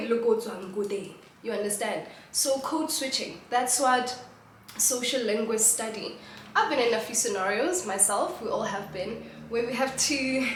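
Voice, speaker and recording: A woman's voice: a little high, a bit bright, slight background noise. South African woman, laughing chatty host. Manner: switches between English and Setswana, laughs often. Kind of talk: casual talk explaining sociolinguistics. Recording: roomy echo.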